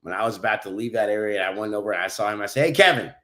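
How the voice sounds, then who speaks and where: A man co-hosting a podcast and telling stories in a loud, brash, profane way. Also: fairly low pitch, very fast. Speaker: podcast co-host. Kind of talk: casual chat, storytelling.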